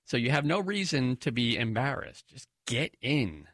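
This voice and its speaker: Bright, lively man in close chat. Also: mid-range voice, no echo. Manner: emphatic, quick to laugh. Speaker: co-host. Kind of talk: casual chat.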